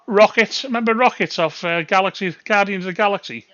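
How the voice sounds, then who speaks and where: Chatty bright-voiced man hosting a stream. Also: sits high, a little fast, dry recording, dull audio. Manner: chatty, laughing, swearing casually. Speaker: livestream host. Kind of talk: casual live-stream chat.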